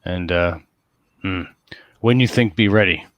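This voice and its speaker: A man's voice: sits low, a little slow, a bit bright, no echo. A man playing a tabletop game, hesitant and thinking aloud as he plans his character's moves. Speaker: player. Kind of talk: casual tabletop play.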